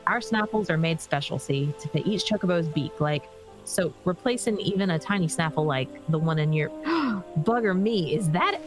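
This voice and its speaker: A woman voicing a gruff rustic stable hand from a game, full of dialect and exclamations. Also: low voice, normal speed, music in the background, lightly acted. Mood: grumbling. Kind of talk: reading game dialogue aloud.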